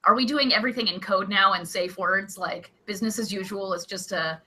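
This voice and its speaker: A young woman co-hosting a comedy podcast, chatting casually and animatedly, gleefully ranting and breaking into loud exclamations. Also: mid-range voice, brisk, husky. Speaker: co-host.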